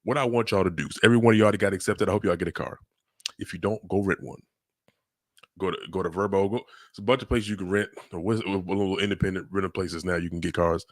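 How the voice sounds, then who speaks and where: Deep-voiced man ranting. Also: fairly even intonation, quick pace, no echo, studio quality. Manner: loud, cussing, mocking. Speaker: podcast host. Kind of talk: profane comedic rant.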